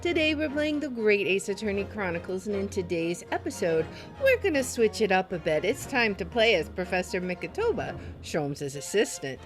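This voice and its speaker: A woman's voice: medium pitch, big pitch swings, moderate pace, few pauses, soft background music. A woman hosting a let's play, chatting expressively as she plays a game. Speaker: gaming streamer.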